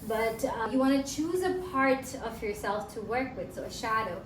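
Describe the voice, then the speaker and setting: A woman coaches viewers in a self-help lesson delivered to camera, speaking earnestly and conversationally and often repeating herself. Her voice is on the high side at a moderate pace. The room is echoey with faint ambience and a noisy background.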